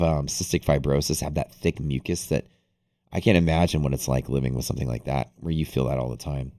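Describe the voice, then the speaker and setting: A man's voice: rumbling low, a little mellow. A man hosting a live trading stream, chatting casually in a rambling, profane way with lots of restarts. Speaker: day trading livestream host. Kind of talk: casual livestream chat.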